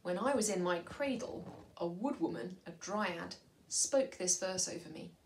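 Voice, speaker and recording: Courtly storybook mouse, earnest and solemn, slow and hushed, read by a woman. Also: fairly low pitch, animated, a little hiss or hum. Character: brave, noble, courtly male talking mouse.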